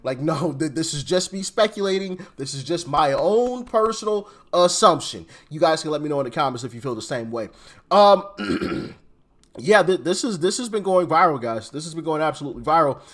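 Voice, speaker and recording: A man with a slightly high voice talks through his reaction commentary in a loose, rambling way. He circles back, repeats words and restarts his sentences as he thinks aloud. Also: animated, normal speed, fairly bright tone. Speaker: commentary channel host.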